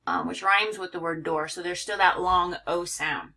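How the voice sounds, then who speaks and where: A woman's voice: on the low side, fairly even intonation, normal speed, gravelly, few pauses, sharp tone. A woman teaching a recorded phonics lesson, carefully overpronouncing example words.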